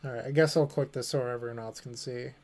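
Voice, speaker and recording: A man's voice: mid-range voice, fairly even intonation, fast talker, a little mellow. A young man streaming a card game, thinking aloud and joking with his chat in a casual way. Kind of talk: casual commentary while playing.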